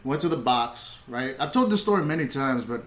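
A young man, a comedian, telling stories in laid-back casual talk, swearing freely and getting animated as he retells. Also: medium pitch, brisk, roomy sound. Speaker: comedian, podcast guest. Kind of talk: casual storytelling.

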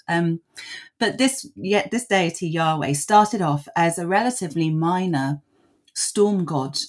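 A woman's voice: low-pitched, a little mellow. A woman author and scholar answering interview questions at length, thoughtful, with many ums and small laughs at herself.

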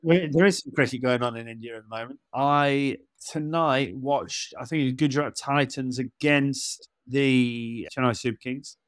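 A man's voice: medium pitch, normal speed, few pauses, dry recording. An English man in his forties tells travel stories on a podcast, laughing as he acts out what people said to him. His voice sits in a middle register and is recorded dry and close. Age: 40s. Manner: chatty storyteller, laughs and acts out dialogue. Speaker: podcast co-host. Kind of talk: casual podcast chat.

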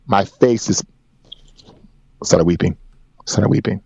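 A man's voice: deep voice, normal speed, creaky, long pauses, warm tone, breathy edge, dry recording. A man in his forties, a podcast guest, telling a personal story in an earnest, emphatic way with repeated phrases. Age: 40s. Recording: dry, dull lo-fi sound.

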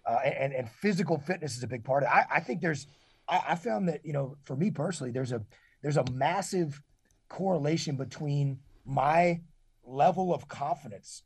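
Man, forties, husky, slightly high voice, earnest, restarts often, dry close mic. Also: a little mellow, no echo. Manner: earnest, many restarts and repeated words. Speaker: guest. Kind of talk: casual interview talk.

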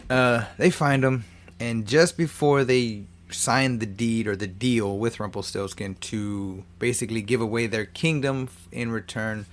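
A man's voice: mid-range voice, a little slow. A man retelling a cartoon film's plot in a loose, profane, casual way, often restarting his sentences. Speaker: movie recapper. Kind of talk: casual movie recap.

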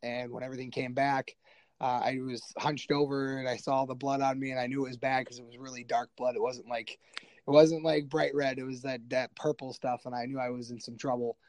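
A man's voice: mid-range voice, flat delivery, brisk, darkish tone, no room sound. A man, a military veteran, tells his story in a casual, self-deprecating way with lots of fillers. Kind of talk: conversational storytelling.

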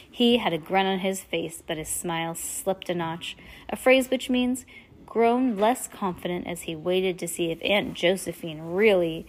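A woman casually reading a novel aloud, relaxed, now and then stumbling and chatting between passages. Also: medium pitch. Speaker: reader.

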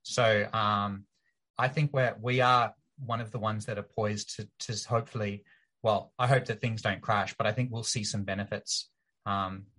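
A man's voice: lowish voice, fairly even intonation, normal speed, bright, forceful tone. Enthusiastic man explaining his project. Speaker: project team member guest. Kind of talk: casual interview chat.

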